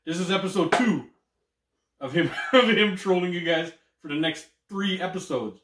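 A man's voice: sits high, expressive, normal speed, fairly bright tone. A man co-hosting a podcast in casual banter, laughing easily and teasing his partner. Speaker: podcast co-host. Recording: echoey room, mic at a distance.

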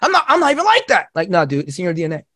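High-voiced, swearing man talking fast. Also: no echo, clean studio sound. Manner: profane, rambling, animated storytelling. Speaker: podcast guest. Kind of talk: casual podcast conversation.

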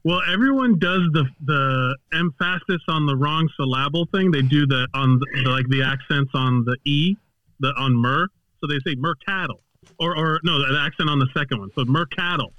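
A man's voice: on the high side, normal speed, lo-fi sound. A man co-hosting a casual podcast, rambling and filling gaps with likes and ums. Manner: rambling, lots of fillers. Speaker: podcast co-host.

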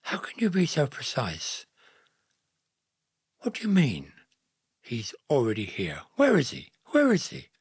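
A man's voice: fairly high pitch, wildly swooping pitch, takes it slowly, long pauses, slightly rough, no echo, clean studio sound, voice pushed up, exaggerated voice. A man voicing an earnest young betrothed man who asks rising, urgent questions in a Bible story.

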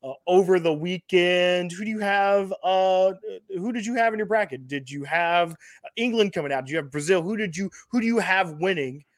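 A podcast host chats casually about sports and reads through lists of funding rounds, sounding hesitant and often repeating himself. His voice sits high and moves at normal speed, recorded with studio quality and no room sound.

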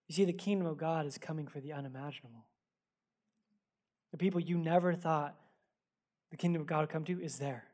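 A man's voice: a little high, fairly even intonation, a little fast, darkish tone. A male pastor giving a sermon to a live congregation in a church. He tells personal stories in a casual, conversational way with self-deprecating humor, often repeating words as he goes. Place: church service before a congregation.

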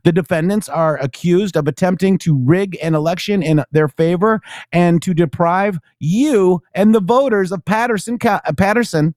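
A man hosts a casual political talk show, his voice sitting somewhat high. He reads the news with animated swings, then sinks into low, mumbled thank-yous to viewers. The sound is close and dry, with no room around it. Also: normal speed, no echo. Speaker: show host.

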